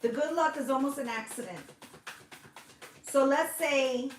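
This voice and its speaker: A woman's voice: sits high, unhurried. A woman giving a casual tarot reading, chatty and coaxing, swearing freely and checking in with her listeners as she goes. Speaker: intuitive tarot reader. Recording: roomy echo.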